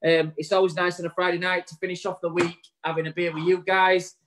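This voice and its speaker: A man with a high voice, co-hosting a live online show. He talks bluntly and heartily, swearing freely as he rallies his listeners and wishes them well. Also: little pitch movement, fast, fairly bright tone, a little hiss or hum, poor audio. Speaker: co-host.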